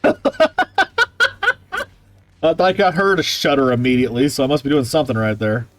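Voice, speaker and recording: A man's voice: mid-range voice, lively intonation, moderate pace, dry recording. A man chatting casually and playfully as a live streamer.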